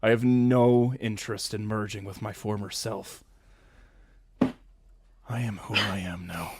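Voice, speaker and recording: Cold weary sadist boss, hushed and clipped, played by a man. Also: lowish voice, steady tone, slow pace, heavy background noise.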